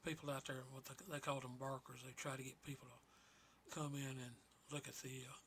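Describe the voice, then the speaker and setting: A soft-spoken man co-hosting a podcast, chatting unhurriedly about films with folksy sayings. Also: mid-range voice, flat delivery, brisk, slight background noise. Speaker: podcast co-host. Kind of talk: casual chat about films.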